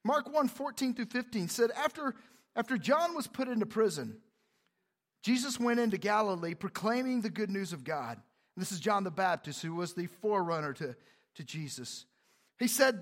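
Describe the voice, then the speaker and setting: A male pastor with a drawl preaches to his congregation in a lively, talkative way. He asks them to repeat words back to him and jokes along the way. His voice sits noticeably high for a man. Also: normal speed. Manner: animated, conversational preaching with call-and-response. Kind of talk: sermon. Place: church sanctuary.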